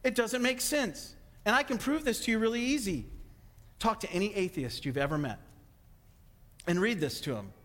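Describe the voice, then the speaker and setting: A man preaching a sermon as a pastor, fast and excitable, slipping into playful acted-out asides. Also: high-pitched. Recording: long hall reverb.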